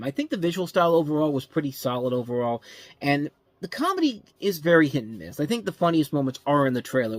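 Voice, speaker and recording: Male film-review host, casual, rambling, self-correcting, dry close sound, mid-pitched voice. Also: no echo. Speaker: movie review show host. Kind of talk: casual spoken movie review.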